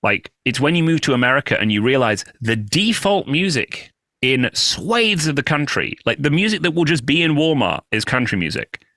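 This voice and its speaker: British comedian guest, bright and animated storyteller, dry close mic. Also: male voice, medium pitch, normal speed, no echo. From United Kingdom. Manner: animated storyteller who acts out quoted voices. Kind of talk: casual podcast chat.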